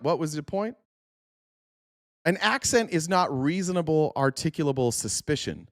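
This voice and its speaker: A man's voice: on the high side, expressive, moderate pace, no room sound, clean studio sound. A man hosting a podcast, commenting on news clips in a blunt, sarcastic way and swearing freely. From Arizona, USA. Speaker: podcast host.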